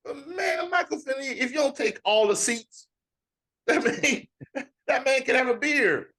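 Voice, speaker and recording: Animated man ranting on a podcast. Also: very high voice, slow. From Fayetteville, North Carolina. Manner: animated, laughing rants with slang. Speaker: podcast co-host. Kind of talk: casual sports banter.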